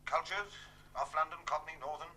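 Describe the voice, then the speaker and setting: An actor playing a brusque police officer with a clipped way of speaking, in a 1970s television police drama. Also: male voice, a little high, fairly even intonation, a little fast, bright, forceful tone, slightly rough, full character voice. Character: angry male police officer.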